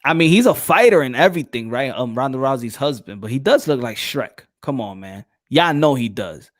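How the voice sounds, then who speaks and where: A man's voice: mid-range voice, animated, a little fast, no room sound, studio quality. A man with a New York accent hosting a casual chat, loose and slangy, laughing often. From New York City. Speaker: podcast host.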